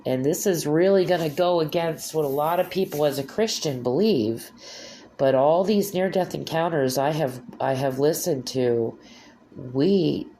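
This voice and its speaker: A woman's voice: extremely low pitch, dark tone, a little hiss or hum. A middle-aged woman hosting a podcast, talking at length about her faith in a rambling, heartfelt way, full of restarts and "you know". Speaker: podcast host. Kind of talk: personal monologue on faith.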